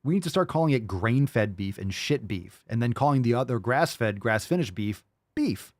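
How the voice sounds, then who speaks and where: A man answers listener questions on his live call-in podcast, rambling loosely and swearing freely, with constant "like" and "you know." He sounds animated at medium pitch and a moderate pace, with no room sound.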